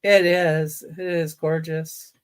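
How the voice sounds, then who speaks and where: A woman's voice: low-pitched, flat delivery, slow pace, smooth. A woman from Missouri, a friendly guest seller running the bid countdown. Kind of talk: live sale co-host chat.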